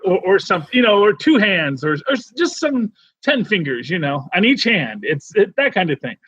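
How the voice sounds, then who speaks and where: A man co-hosting a podcast in casual chat, rambling and animated with many restarts. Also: high voice, moderate pace, husky, no echo, muffled recording. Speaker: podcast co-host.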